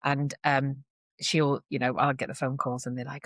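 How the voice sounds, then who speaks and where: Here a woman in her 40s, guesting on a podcast, chats animatedly and keeps acting out others' words in her stories. Her voice is very deep, she talks at a normal speed, and the sound is clean studio audio without echo.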